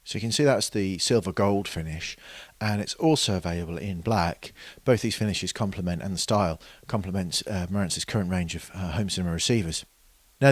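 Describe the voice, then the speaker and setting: Deep-voiced man demonstrating hardware. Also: no room sound. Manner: hesitant, many fillers and restarts. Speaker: product reviewer. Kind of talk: unscripted product demonstration.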